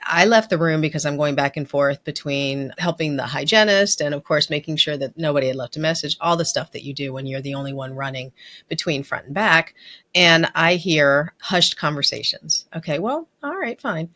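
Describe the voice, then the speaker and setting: A woman's voice: low-pitched, moderate pace, sharp tone. A middle-aged woman hosting a podcast, telling a work story in a candid, self-deprecating, conversational way. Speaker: podcast host and dental practice speaker. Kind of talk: storytelling monologue.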